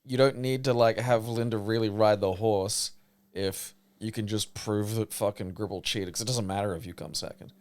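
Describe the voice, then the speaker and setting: A man's voice: on the low side, fairly even intonation, moderate pace, darkish tone, smooth. A man with an Australian accent co-hosting a podcast, riffing sarcastically and swearing freely in casual banter. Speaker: podcast co-host.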